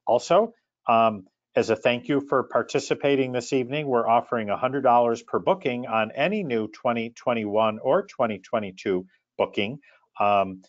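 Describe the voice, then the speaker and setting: A man's voice: mid-range voice, moderate pace, no echo. A man hosting a travel webinar, talking casually and friendly, with many hesitant fillers. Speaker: webcast host, travel director. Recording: dull, lo-fi webcast audio.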